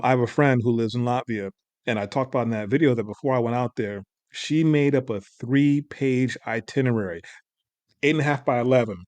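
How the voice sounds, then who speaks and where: Relaxed American co-host with a mid-range voice, loose and rambling, recorded dry. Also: male voice, medium pitch, no echo. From United States. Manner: relaxed, rambling storytelling with frequent laughs. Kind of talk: casual podcast reaction chat.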